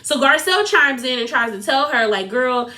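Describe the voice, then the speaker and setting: A young woman giving a casual, animated recap of a reality TV episode, sassy and quick to laugh. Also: high-pitched. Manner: animated, sassy, laughs often, quotes others in put-on voices.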